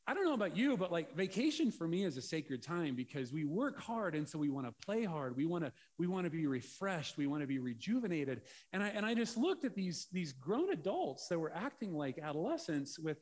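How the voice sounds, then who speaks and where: A man preaching through a personal story, chatty and animated with playful asides. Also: on the high side. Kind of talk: storytelling sermon.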